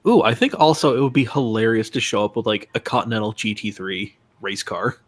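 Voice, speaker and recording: A man's voice: lowish voice, a little fast. Rambling casual man hosting a stream. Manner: rambling, many fillers and restarts. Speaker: stream host. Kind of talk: casual live stream chat.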